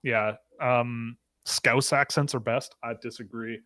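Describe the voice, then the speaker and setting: A man's voice: mid-range voice, steady tone, slow, bright, forceful tone, no echo. A man from Britain hosting a casual live stream, joking and laughing as he reads out chat questions. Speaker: podcast host.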